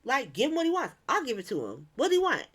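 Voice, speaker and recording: A woman's voice: high voice, huge pitch swings, quick pace, a bit bright, breathy edge, full character voice. Woman playing exasperated young man, cursing, frantic. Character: frantic, furious young man confronting a rival.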